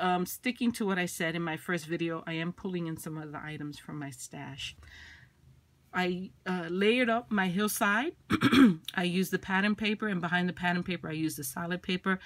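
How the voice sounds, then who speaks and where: A woman showing a handmade craft project in a casual, chatty way. She is losing her voice, clears her throat often and fills pauses with ums. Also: lowish voice, a bit bright, no echo. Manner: chatty, lots of ums and uhs. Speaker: craft vlogger.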